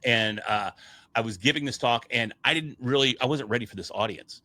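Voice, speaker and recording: A man with a bright, forceful voice tells his story with energy, slipping into the voices of the people he quotes. He talks the way a seasoned stage speaker chats with a friend, loose and conversational. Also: medium pitch, a little fast. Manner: animated, acts out quoted dialogue. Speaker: public speaker and podcast guest.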